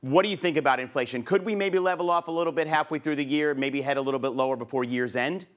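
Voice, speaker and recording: A man's voice: a little high, fast. A man hosting an interview, friendly and conversational, laughing easily with his guest. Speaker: host. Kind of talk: hosted interview and sign-off.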